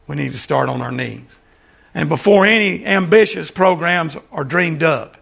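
Gravelly older preacher. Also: male voice, a little high. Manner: earnest, repeats "friends", drops to soft asides. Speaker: lay preacher. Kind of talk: sermon and prayer.

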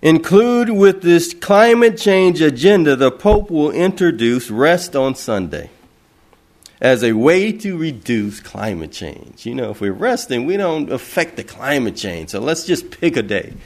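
A man's voice: fairly high pitch, big pitch swings, a little slow, a little mellow. A man preaching an impassioned sermon, asking rhetorical questions and repeating phrases for emphasis.

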